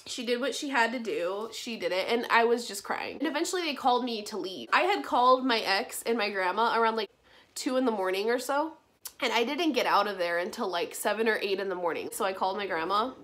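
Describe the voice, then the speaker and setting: A woman's voice: on the high side, expressive, brisk, a bit bright. A young woman vlogger telling a personal storytime casually, chatty, full of "like" and casual swearing. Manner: chatty, frequent "like", swears casually, emotional retelling.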